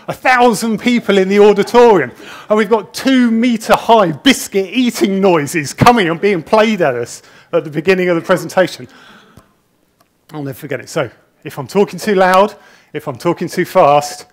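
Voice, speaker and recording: A middle-aged man with a high voice tells stories nervously and chattily at a conference, often poking fun at himself. The talk takes place in a conference hall, and he's miked with a wireless presenter mic on a body pack.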